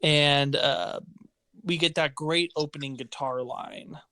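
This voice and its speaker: A man's voice: fairly high pitch, fairly even intonation, slow, bright, forceful tone, clear, resonant tone, dry recording. A young man co-hosting a music podcast, talking about songs with enthusiasm and frequent restarts. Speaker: podcast co-host. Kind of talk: casual music discussion.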